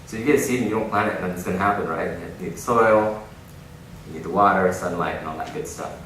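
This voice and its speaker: Male keynote speaker, low voice, lively storyteller, distant mic in a noisy, echoing hall. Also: fast. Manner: animated storytelling with frequent laughs. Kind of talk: inspirational keynote talk. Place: large conference hall.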